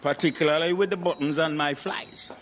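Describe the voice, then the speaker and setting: A man's voice: a little high, steady tone, a little fast, heavy background noise, natural voice. A man playing a cheeky sarcastic old Brummie dad. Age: older. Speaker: record shop owner. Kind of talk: radio sitcom acting.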